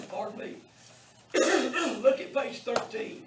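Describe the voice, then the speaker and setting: A man teaching a beginners' Greek class at a Bible college. He speaks slowly and deliberately and pronounces each word for his students to repeat. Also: extremely high pitch, lively intonation. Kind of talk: classroom lecture. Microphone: distant room mic. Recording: echoey classroom from far off, faint hiss.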